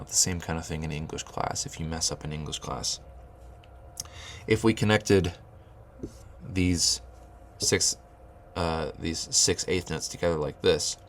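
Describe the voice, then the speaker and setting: A man's voice: a bass voice, a little hiss or hum. A man teaching rhythmic solfege, explaining note beams and chanting counting syllables, often restarting his phrases. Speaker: music teacher.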